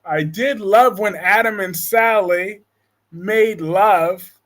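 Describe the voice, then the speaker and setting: A man hosting a casual live-stream chat about soap operas, excitable and quick to fire up, reading viewer comments aloud. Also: sits high. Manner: excitable, swings from calm to loud anger. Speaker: soap opera talk show host.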